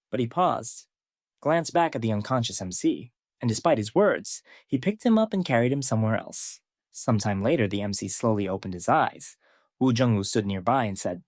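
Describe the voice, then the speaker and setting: A man in scripted narration, retelling a comic story in an even, matter-of-fact way. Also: medium pitch, fairly quick, no room sound, studio quality.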